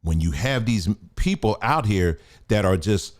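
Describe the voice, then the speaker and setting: A man's voice: on the low side, expressive, measured pace. A man hosting a casual commentary show, talking in a blunt, emphatic, colloquial way.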